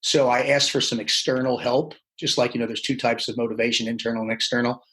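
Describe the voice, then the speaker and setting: A man telling his life story as a podcast guest, animated, acting out the people he quotes. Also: mid-range voice, fast, poor audio. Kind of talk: casual storytelling interview.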